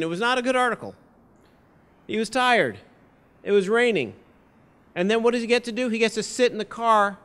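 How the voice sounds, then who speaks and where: A man giving a storytelling campaign speech at a university event, acting out quotes as he goes. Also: a little high. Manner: lively anecdotal storytelling with acted-out quotes. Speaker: political candidate giving a campus talk. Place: university lecture hall event.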